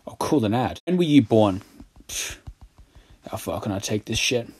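A man's voice: on the low side, animated, moderate pace, darkish tone, breathy edge. A young man giving casual gameplay commentary, sarcastic and exasperated and swearing a lot at the game. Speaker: gaming YouTuber.

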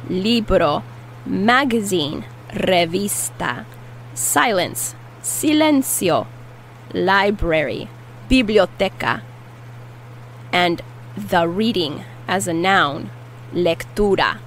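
A woman teaching a language lesson, repeating each word slowly and carefully. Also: mid-range voice, animated, slight background noise, low-quality recording. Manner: slow, careful repetition of words. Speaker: Spanish teacher.

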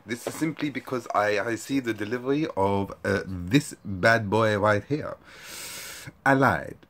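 A man hosting a casual review video in an exaggerated put-on French accent, halting with frequent fillers. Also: lowish voice, fairly bright tone. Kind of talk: casual vlog intro.

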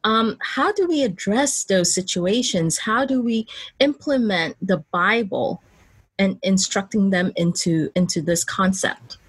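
A young woman hosts an interview podcast, asking questions with easy nods of agreement. Her voice is a little breathy and husky. The recording is dry and close. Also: mid-range voice, a little slow, dry recording. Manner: warm affirming interjections, questions. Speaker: podcast host, mother.

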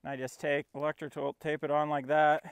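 A man coaxes his puppy during training in a field, explaining each step in a casual vlog and talking between commands. His voice sits on the high side with a flat delivery, a fairly quick pace and vocal fry, and the tone is clean with no room sound.

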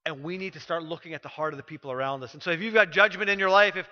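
A middle-aged male pastor delivers a storytelling sermon, pushing his points through emphatic repetition. His voice sits high and sounds bright and forceful. The recording is dull and carries a long church-hall reverb. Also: very fast. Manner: storytelling, emphatic, repeats phrases when pressing a point. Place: church sanctuary.

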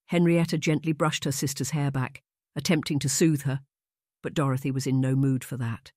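A woman narrating a historical romance audiobook in a measured, unhurried reading. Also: rumbling low, steady tone, darkish tone, dry recording, studio quality. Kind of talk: scripted narration.

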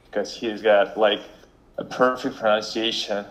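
A man's voice: fairly low pitch, steady tone, low-quality recording. Hesitant man with a Russian accent. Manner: slow, hesitant, searching for words. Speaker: language learner. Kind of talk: casual chat.

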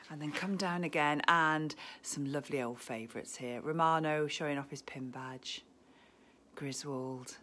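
A woman hosting a live-streamed shop tour. She is chatty and gushing, sometimes dropping to a hushed near-whisper, and speaks into a handheld phone in an indoor shop. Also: low voice, measured pace, slight background noise. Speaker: shop host. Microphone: phone camera held in hand.

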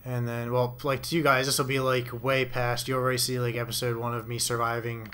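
A man's voice: mid-range voice, little pitch movement, a little fast, pushed and bright, clean tone. A young man giving rambling, profane commentary to himself while playing a game. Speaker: gamer. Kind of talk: casual let's play commentary.

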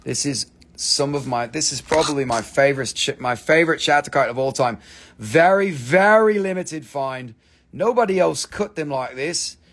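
A man hosts a live sales stream for crystals and mineral specimens. He talks with excitable enthusiasm and plenty of swearing as he pitches each piece. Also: moderate pace, few pauses. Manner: excitable, profane sales patter. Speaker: host selling crystals.

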